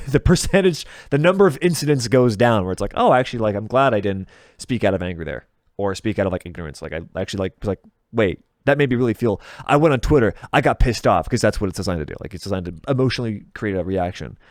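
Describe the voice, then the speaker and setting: This is a video game content creator in his 30s, appearing as a podcast guest for a loose, casual interview chat. His voice sits on the low side, animated and quick, and he curses freely while laughing at himself. There's no room sound, just a clean studio feel.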